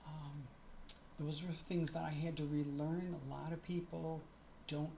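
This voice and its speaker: A woman's voice: deep voice, flat delivery, a little slow, vocal fry, dark tone, a little hiss or hum. A middle-aged woman chatting to camera in a casual vlog, often stopping to correct herself. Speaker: vlogger.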